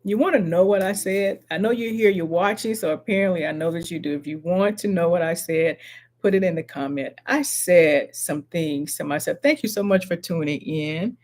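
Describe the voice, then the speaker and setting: A middle-aged woman hosting a motivational live stream, speaking slowly and earnestly and repeating her affirmations to viewers. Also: lowish voice, darkish tone.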